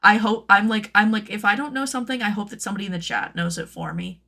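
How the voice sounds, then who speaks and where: On her stream, a woman who designs cosplay patterns chats casually and rambles, saying "like" a lot and playfully leaping into high, silly voices. She talks quickly, with vocal fry and a pushed, bright sound.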